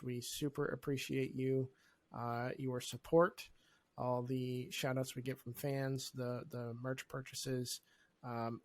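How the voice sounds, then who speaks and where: A man's voice: mid-range voice, darkish tone, no echo. A man co-hosting a podcast, talking in an enthusiastic, grateful way with many fillers. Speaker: podcast co-host. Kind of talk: casual chat.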